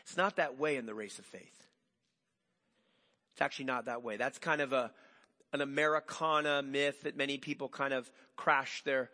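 Animated preaching man in a reverberant hall. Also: medium pitch. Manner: animated preaching with rhetorical questions. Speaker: pastor. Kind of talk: sermon.

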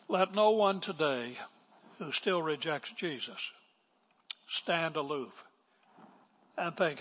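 Older male pastor, husky and unhurried, emphatic sermon delivery with sudden hushed drops, long hall reverb. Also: on the high side, lively intonation. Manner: emphatic preaching, swinging from loud declarations to hushed asides.

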